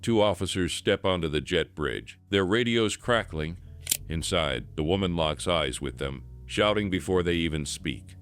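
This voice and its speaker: A man narrating a scripted documentary in an even, measured storytelling manner. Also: low voice.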